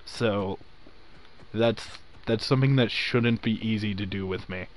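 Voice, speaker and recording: A man's voice: on the low side, a little slow, a little hiss or hum. A young man with a slight Southern accent hosting a casual chat, joking around and laughing often. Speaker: podcast host. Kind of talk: casual chat while gaming.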